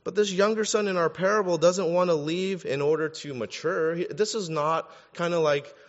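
A man's voice: on the high side, moderate pace. A man preaching a sermon in a conversational style, with joking asides to the congregation. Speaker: pastor. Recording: dull sound with long hall reverb.

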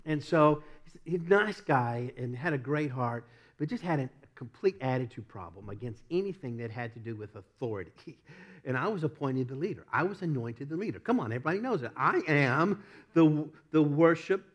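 A middle-aged man preaching a sermon, telling a personal story with lots of laughs, often repeating himself and rising from quiet asides to loud emphatic peaks. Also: on the high side, lively intonation, moderate pace. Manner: repeats and restarts words. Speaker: pastor.

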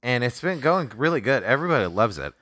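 Lively, bright-voiced podcast dude. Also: male voice, medium pitch, quick pace, no echo, studio quality. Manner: excitable, profane. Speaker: podcast co-host. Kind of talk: casual chat.

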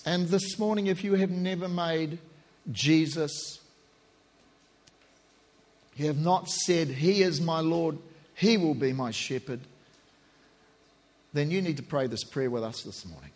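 A man preaching as a pastor, rising to shouts and slowing into hushed prayer. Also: fairly high pitch. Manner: impassioned, shouting at peaks then slow and hushed in prayer. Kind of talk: sermon and prayer.

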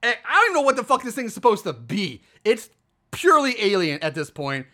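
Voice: mid-range voice, fast. A co-host casually retelling a film's plot, swearing often and sounding exasperated at what happens. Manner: profane, animated, exasperated retelling. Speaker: podcast co-host. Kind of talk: casual movie recap chat.

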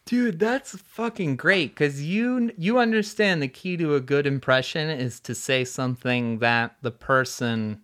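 Slow-talking, smooth-voiced podcast co-host man. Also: on the high side. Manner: relaxed, jokey, enthusiastic about bands. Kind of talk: casual music chat.

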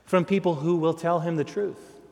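A man's voice: a little high, fairly even intonation, normal speed, vocal fry, a little mellow. A man preaching a sermon as a dramatic storyteller who acts out the lines of the people he describes. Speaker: guest preacher. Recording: long hall reverb.

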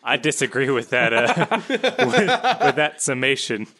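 A man's voice: mid-range voice, big pitch swings, unhurried, sharp tone. A man co-hosting a podcast, dropping dry, wisecracking asides. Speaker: podcast co-host. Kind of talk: casual podcast chat.

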